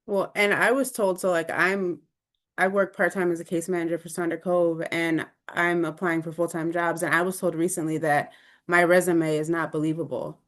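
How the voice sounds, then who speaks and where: Lively low-voiced woman on a video call. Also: normal speed. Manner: animated, conversational, reacts openly. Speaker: webinar co-presenter. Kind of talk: live online presentation discussion.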